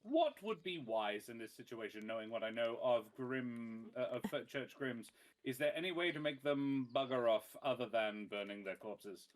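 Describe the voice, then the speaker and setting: A man taking part in a tabletop game, chatting loosely and joking between in-character bits. His voice sits at an everyday middle pitch. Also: expressive, normal speed. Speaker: player. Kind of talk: casual tabletop play.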